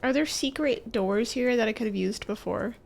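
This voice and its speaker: Gravelly-voiced woman streaming a game. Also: on the high side, moderate pace, a little mellow. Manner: chatty, self-mocking, talks to herself. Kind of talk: casual gameplay commentary.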